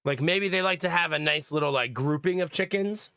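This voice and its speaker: A man's voice: fairly high pitch, fairly quick, bright, forceful tone, smooth, dry recording, studio quality. A young man hosting a livestream, chatting casually to his viewers, rambling from topic to topic and laughing often. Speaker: livestream host. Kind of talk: casual stream chat.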